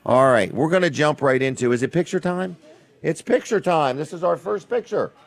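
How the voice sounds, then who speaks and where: A man's voice: on the high side, animated, normal speed, vocal fry. A man with a Delaware accent hosting a casual radio talk show from a restaurant, chatty and folksy. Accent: Delmarva (Delaware). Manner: folksy, chatty, easily moved.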